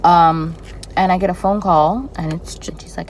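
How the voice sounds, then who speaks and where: A young woman tells a personal story to her camera in a casual, animated way. Her voice sits a little low for a woman, and she swings into dramatic reactions. A faint background noise runs under the recording. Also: a little slow, rough recording. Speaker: flight attendant vlogger.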